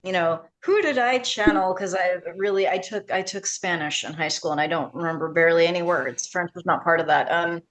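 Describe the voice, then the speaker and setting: A woman's voice: lowish voice, brisk, hardly any pauses, fairly bright tone, rough recording. A woman actor chatting animatedly over a video call after a play reading, self-deprecating and talkative. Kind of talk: casual video-call chat.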